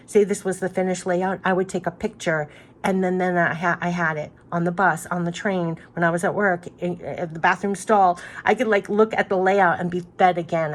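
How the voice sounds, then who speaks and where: A woman giving an oracle card reading to her viewers, effusive and emphatic, often repeating key phrases. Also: fairly low pitch.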